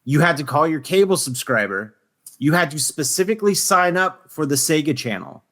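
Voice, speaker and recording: A man's voice: a little high, expressive, normal speed, a bit bright. A man co-hosting a podcast, talking emphatically and swearing freely, who reads facts aloud to the others. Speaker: podcast co-host. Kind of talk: casual podcast chat.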